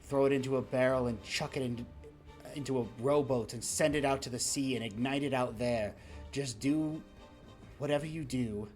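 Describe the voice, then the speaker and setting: Man doing a stern dragoness boss for a tabletop game, reproachful, voice pushed high and loud, soft music under. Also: moderate pace, lightly acted. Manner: reproachful, raises voice in outrage. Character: stern female dragon leader, scolding and disappointed.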